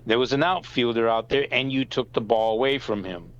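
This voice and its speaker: A man's voice: mid-range voice, a little fast, dry recording, lo-fi sound. A middle-aged father telling family stories on a podcast, swearing freely and acting out the people he quotes. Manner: animated storyteller, swears, acts out quoted lines. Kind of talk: casual storytelling chat.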